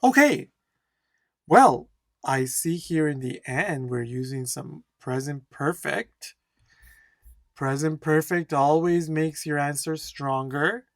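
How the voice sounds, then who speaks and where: Slow, emphatic speaking test instructor. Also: mid-range voice, expressive, dry recording, clean studio sound. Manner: slow, emphatic, keeps checking in with "okay?"; repeats key words for stress. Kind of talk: teaching lesson.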